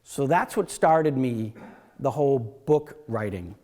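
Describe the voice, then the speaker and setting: A man's voice: mid-range voice, lively intonation, slow pace, warm tone. A man in his fifties giving a casual, rambling storytelling talk at a library event, full of asides and acted-out quotes. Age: 50s. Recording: long hall reverb.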